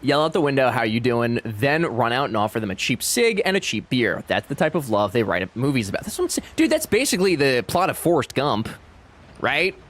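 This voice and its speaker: A young man streaming a game and chatting casually with his viewers. He talks in an animated, chatty way and swears freely, his pitch leaping up and down across a wide range. His voice sits in a middle register for a man. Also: a little fast. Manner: animated, chatty, swearing, reads chat aloud. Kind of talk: casual live-stream chat.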